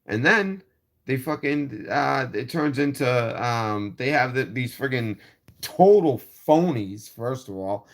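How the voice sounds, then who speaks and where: A man's voice: mid-range voice, animated, slow pace. A man hosting his own channel, telling a story in a heated, profane rant full of quoted dialogue. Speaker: channel host. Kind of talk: angry monologue rant.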